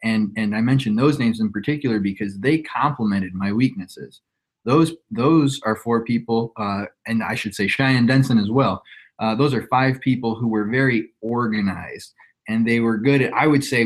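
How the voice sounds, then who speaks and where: A man's voice: medium pitch, normal speed. A young man in his twenties talking casually as a podcast guest, reflective and rambling, with frequent restarts. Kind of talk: casual conversation.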